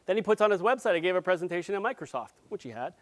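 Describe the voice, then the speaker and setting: A man giving a live conference presentation, playful and jokey, with quick asides to the audience. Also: high-pitched. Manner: grows loud and excited as he goes. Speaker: conference speaker.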